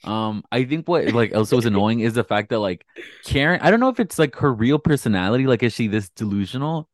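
A man's voice: medium pitch, lively intonation, fairly quick, no room sound, studio quality. A man co-hosting a casual podcast, gossiping and swearing with lots of "like". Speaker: podcast co-host. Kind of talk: casual chat.

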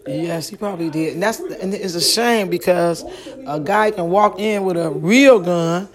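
A woman's voice: fairly low pitch, normal speed. Middle-aged woman chiming in. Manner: short interjections and agreement. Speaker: host's mother, guest. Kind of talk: casual family chat.

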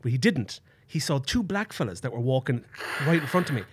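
A man's voice: medium pitch, fairly quick, background noise. A young Irish man chatting casually, telling stories with swearing and acted-out voices. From Ireland. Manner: animated storytelling, swearing, acts out voices. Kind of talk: casual chat.

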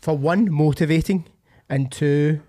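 A man's voice: a little high, a little slow, dark tone. A Scottish man co-hosting a podcast, chatting casually with plenty of swearing and laughter. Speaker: podcast host. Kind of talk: casual chat.

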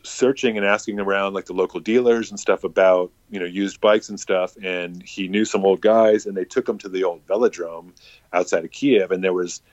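A man's voice: low-pitched, steady tone, normal speed, a little mellow, no room sound, dull audio. A man telling a casual, rambling story full of swearing and filler words.

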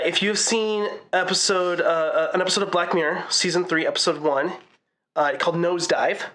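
A man's voice: fairly high pitch, a bit bright. A man co-hosting a podcast in casual chat, explaining in a rambling, hesitant way with many fillers. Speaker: podcast co-host.

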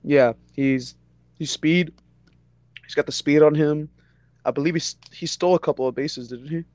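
A man's voice: a little high, moderate pace, a little mellow, no echo. A man co-hosting a casual sports podcast, talking loosely with a lot of "you know" fillers. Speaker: podcast co-host.

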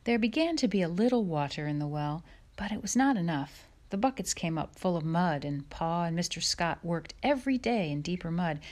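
A woman reads a chapter book aloud in a measured, soft storytelling voice. Her pitch sits a little low for a woman. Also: animated. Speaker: audiobook narrator. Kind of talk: audiobook reading.

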